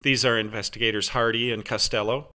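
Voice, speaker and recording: A man voicing a brisk, official female police inspector in an audiobook. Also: mid-range voice, fairly even intonation, pushed and bright, close to an everyday voice.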